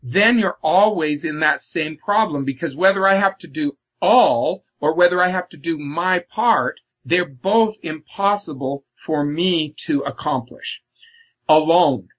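A man's voice: fairly high pitch, unhurried. A man speaking earnestly about faith as an author and guest, stressing his words and often repeating them. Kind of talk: reflective religious discussion. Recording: slightly muffled, lo-fi audio.

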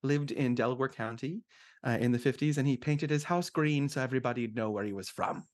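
A man's voice: mid-range voice, brisk. A man hosting a casual podcast chat, joking and rambling with lots of fillers. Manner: jokey, rambling with many fillers. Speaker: podcast host.

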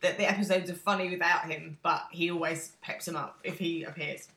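An English woman co-hosting a podcast, chatting about a show with opinionated, lively asides. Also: on the low side, a little fast, echoey room. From England. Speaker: podcast co-host. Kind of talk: casual chat recapping a show.

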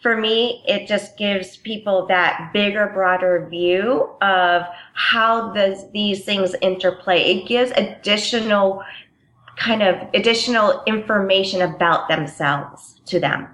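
A woman's voice: mid-range voice, takes it slowly, fairly bright tone, rough recording. A woman from Connecticut, a coaching guest answering questions in a friendly, thoughtful way. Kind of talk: interview answers.

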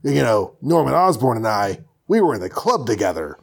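A man voicing a gruff middle-aged newspaper editor with a blustering manner. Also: medium pitch, very animated, moderate pace, heavily acted.

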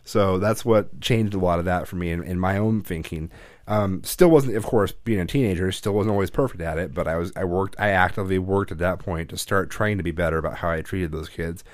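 Man, low voice, rambling, swears freely, dry close sound. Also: dry recording. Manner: rambling storytelling with frequent swearing and restarts; gets loud and animated when quoting his dad. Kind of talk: casual chat.

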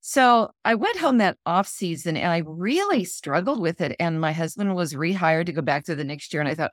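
Woman, middle-aged, animated storyteller, lowish voice, dry close sound. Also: fairly quick, no echo. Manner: animated storyteller acting out quoted lines, laughs. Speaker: guest author. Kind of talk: storytelling in a podcast interview.

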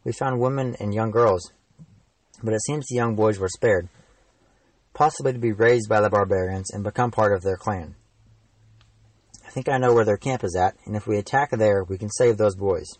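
A teenage man voicing a calm, friendly knight in a storybook reading, speaking in a measured way. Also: on the low side, no echo, far from the mic, natural voice, low-quality recording. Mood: earnest. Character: calm, friendly adult knight, steady and patient.

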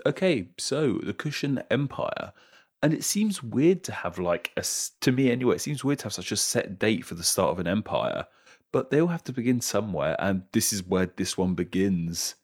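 An Englishman with a slightly low voice co-hosts a history podcast. He talks casually and tells stories with lively animation. He laughs easily along the way. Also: normal speed. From England. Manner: chatty, laughs often, animated storytelling. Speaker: podcast co-host. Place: London.

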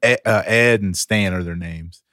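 A low-pitched man chatting on a podcast, spinning animated stories and slipping into the voices of the people he quotes. The sound is close and dry, with no room around it. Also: normal speed, no echo. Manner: animated storyteller who acts out quoted people. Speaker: podcast co-host. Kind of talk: casual chat.

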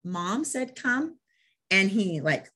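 A woman's voice: lowish voice, moderate pace. A woman who trains dogs, hosting a casual interview and telling stories with enthusiasm. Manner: enthusiastic, animated storyteller. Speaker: dog trainer and interview host.

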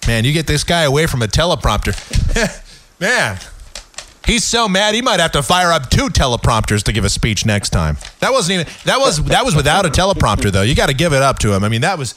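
A man hosting a casual comedic talk radio show, sarcastic and quick to laugh. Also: fairly high pitch, very animated, a bit bright. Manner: sarcastic, joking, laughs often.

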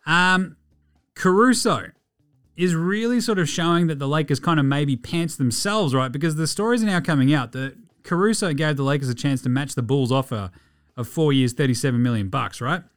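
A man's voice: fairly high pitch, moderate pace, faint music behind. An Australian man hosting a podcast, giving a casual, chatty rundown of basketball games, swearing freely as he goes. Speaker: podcast host.

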